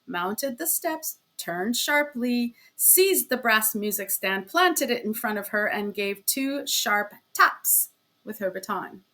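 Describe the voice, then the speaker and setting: A woman reading a classic short story aloud, chatting casually with fillers before an expressive reading. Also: a little high, poor audio. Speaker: story reader.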